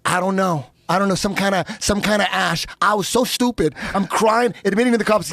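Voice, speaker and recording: A man in casual podcast chat, telling a story with lots of swearing, his voice jumping up when he gets excited. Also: brisk, creaky, hardly any pauses, no echo. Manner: animated storyteller, voice rising high when excited, laughing, swearing.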